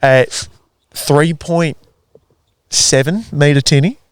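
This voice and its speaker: A man's voice: fairly high pitch, takes it slowly, smooth, no echo, studio quality. A young Australian man hosting a podcast, laid-back and laughing often, swearing casually in easy chat. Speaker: podcast host.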